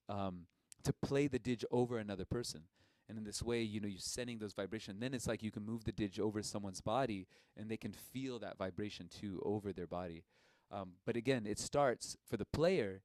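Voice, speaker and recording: A man teaching a live-streamed didgeridoo lesson in a relaxed, conversational way, with frequent fillers. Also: fairly low pitch, no echo.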